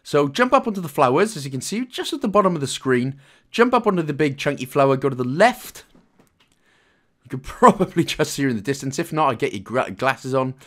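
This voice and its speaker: Welsh-accented young man, game guide host, jokey and rambling, animated sing-song delivery. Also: fairly high pitch, a little fast. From Wales. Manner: chatty, jokey, loose with asides and fillers. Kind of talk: casual gameplay walkthrough commentary.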